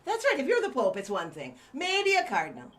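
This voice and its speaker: A woman's voice: high voice, wildly swooping pitch, a little fast, a bit bright, heavily acted. A woman playing a blunt, wry chief engineer on a space station in an improv scene, in a mock Irish accent.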